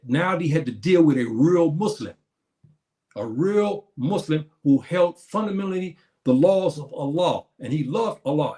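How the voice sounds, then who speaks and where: This earnest religious lecture comes from a Muslim preacher whose voice is fairly high yet darkish in tone. He keeps restarting phrases and speaks to his listeners as brothers and sisters.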